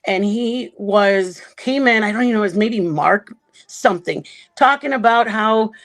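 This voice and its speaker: A woman's voice: medium pitch, normal speed. A woman on a livestream panel casually recounting a chat-room dispute, rambling and often correcting herself. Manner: rambling, self-correcting retelling.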